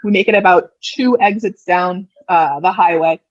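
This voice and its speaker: A woman in her thirties, a podcast guest telling her birth story casually, with lively delivery and quick repeated words. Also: lowish voice, no echo. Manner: animated, repeats words when rushing, acts out quoted dialogue. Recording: dull lo-fi dry sound.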